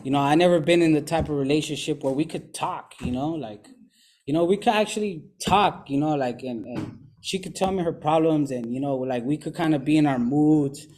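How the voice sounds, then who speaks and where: A man's voice: fairly high pitch, brisk, darkish tone. A young man talking casually and candidly about his recovery, in rambling slangy speech full of "you know". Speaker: recovering addict sharing his story.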